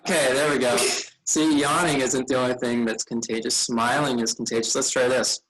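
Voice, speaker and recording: A man's voice: medium pitch, fairly even intonation, fairly quick, a bit bright, poor audio. A tired man leading a vacation Bible school session, chatting casually with children and rambling a bit as he loses his train of thought. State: tired, yawning.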